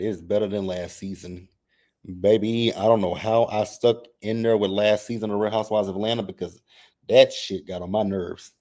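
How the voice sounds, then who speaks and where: Sassy, animated male recap host. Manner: sassy, animated, mimics cast members with exaggerated high voices; repeats phrases for emphasis. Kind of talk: casual recap talk reading chat comments.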